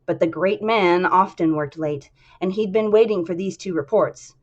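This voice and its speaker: Soft-spoken woman reading a novel. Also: on the low side, moderate pace, lo-fi sound. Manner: soft, quiet, with fillers. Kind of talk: casual reading aloud.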